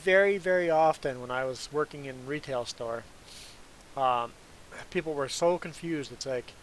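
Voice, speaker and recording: This time the Canadian streamer, German by first language, has a mid-range voice at normal speed. Chatting loosely with his livestream audience, he answers their questions, often laughing as he wanders off topic. The recording is rough, with slight background noise.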